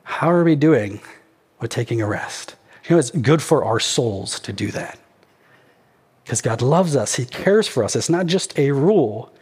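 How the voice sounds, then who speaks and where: A man preaching a sermon as pastor, animated and jokey, acting out asides. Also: medium pitch, unhurried, breathy edge, in a large hall.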